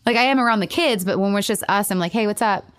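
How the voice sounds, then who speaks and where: A woman talking through a painful separation, halting with many restarts and quoting herself. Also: mid-range voice, fairly bright tone, clean tone. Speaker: caller seeking advice. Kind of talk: emotional personal conversation.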